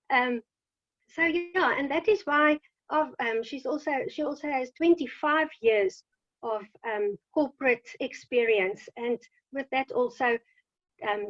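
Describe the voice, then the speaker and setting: Woman host, high voice, hesitant intro, dry dull video call sound. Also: dry recording. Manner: hesitant, full of fillers.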